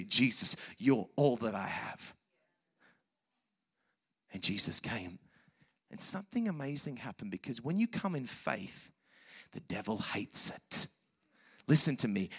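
A man preaching a sermon in a church service, animated, swinging between hushed and loud passages. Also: fairly high pitch, slightly rough. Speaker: pastor. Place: church service with children present.

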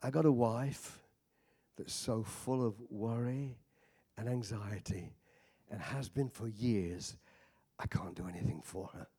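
A man quoting a tearful middle-aged male psychiatrist in a hushed, breaking, whispery voice during a sermon. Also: mid-range voice, takes it slowly, slightly rough, pitched below the performer's own voice.

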